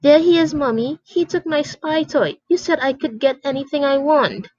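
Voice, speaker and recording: A woman's voice: sits high, animated, moderate pace, darkish tone, no room sound, pitched above the performer's own voice. Whiny spoiled little boy, as a woman puts him on. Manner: whining, tattling. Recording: dry, dull lo-fi recording.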